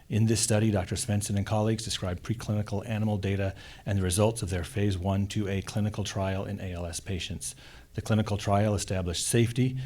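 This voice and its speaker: A man with a fairly low voice reads a formal award introduction at a university commencement. His delivery is measured and deliberate, with the occasional filler as he works through a prepared script in an auditorium. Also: a little mellow. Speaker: faculty presenter.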